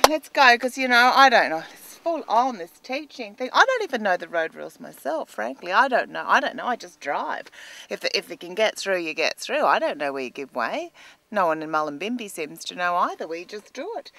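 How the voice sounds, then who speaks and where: A woman's voice: fairly high pitch, a bit bright, no echo. An Australian woman in a car, talking in an anxious, exasperated, self-mocking comic monologue. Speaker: columnist.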